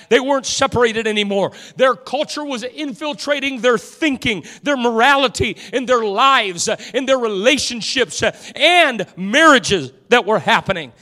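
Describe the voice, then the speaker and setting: A man's voice: very high-pitched, sharp tone. A male pastor preaching a fervent sermon in a church, repeating key words with rising intensity. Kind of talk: impassioned sermon. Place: church sanctuary. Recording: long hall reverb from a church.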